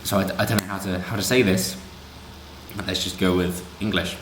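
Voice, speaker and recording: A man's voice: low voice, fairly even intonation, fairly quick, a bit bright, slight background noise. A man doing casual commentary on a news story, sarcastic and rambling with asides. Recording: roomy echo.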